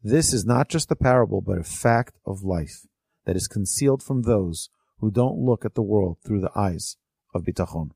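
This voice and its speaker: A man's voice: on the low side, expressive, normal speed, gravelly, warm tone, husky, dry recording, studio quality. A religious teacher telling a parable and explaining it to his weekly class in an earnest, discursive way. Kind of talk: storytelling lesson.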